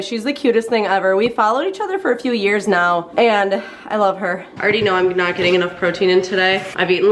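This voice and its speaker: A congested woman chats to her camera at home in a relaxed vlog. She talks loosely, full of "like" and soft laughs, and sounds a little winded as she goes. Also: medium pitch, slight background noise. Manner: chatty, filler-heavy, frequent "like" and soft laughs. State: congested, a little out of breath while exercising. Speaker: lifestyle vlogger. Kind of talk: casual vlog chat to camera. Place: at home, by her desk and treadmill.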